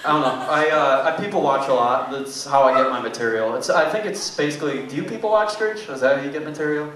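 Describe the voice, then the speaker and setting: A man's voice: a little high, fast, fairly bright tone. A young man doing a stand-up comedy set in a small club, with a loose, rambling delivery full of fillers. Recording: echoey club room, mic far off, faint noise.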